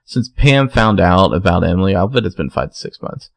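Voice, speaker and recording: Low gravelly guy on a recap podcast, chill, does the characters' lines. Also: a little fast, no echo. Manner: relaxed storytelling, acts out quotes. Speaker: podcast co-host. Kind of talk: casual recap chat.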